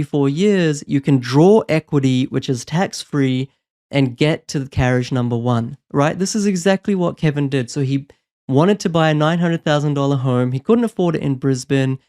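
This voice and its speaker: A man with a slightly high, clean-toned voice gives a motivational advice talk as a property investment coach. He is energetic and persuasive and keeps checking in with "right?".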